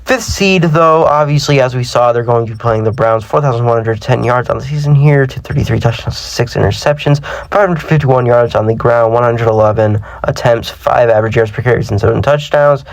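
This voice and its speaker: In a dry recording, a young gaming channel host commentates a football sim with a medium-pitched voice, a little fast and with hardly any pauses. He's a bit sick, chatty, self-deprecating, and keeps tripping over his words in this casual commentary.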